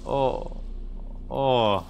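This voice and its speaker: Young man, gaming commentary, slow drawl, gravelly low rasp, faint background hiss. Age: 20s. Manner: slow, muttering, uneasy reactions. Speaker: gaming YouTuber. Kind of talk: gameplay commentary.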